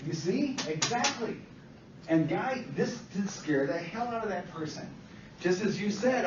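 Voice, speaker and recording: A man's voice: sits high, expressive, a little slow, a little hiss or hum. A man teaching a class, lecturing emphatically, repeating points and asking the students questions. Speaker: instructor. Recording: distant, echoey, dull classroom recording.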